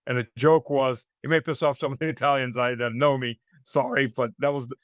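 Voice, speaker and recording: A man's voice: medium pitch, dry recording, studio quality. A man raised in the United States, a guest giving political commentary in an interview, talking in long rambling runs full of fillers and restarts, with a sarcastic edge.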